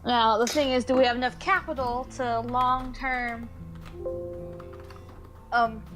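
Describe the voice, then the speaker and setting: A woman's voice: on the high side, steady tone, slow pace, a bit bright, soft background music. A woman playing a tabletop game, thinking aloud and correcting her own wording. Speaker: player.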